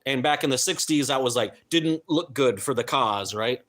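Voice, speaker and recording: A man hosts a live stream in a mid-range, fairly bright voice at a moderate pace. He speaks earnestly and emphatically, occasionally stumbling over names and words.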